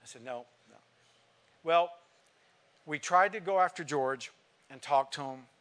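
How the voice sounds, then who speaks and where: A man's voice: on the high side, unhurried, a bit bright. An older man, a pastor, telling an emotional story in a sermon, acting out the lines of the people in it. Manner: earnest, emotional storytelling with quoted dialogue.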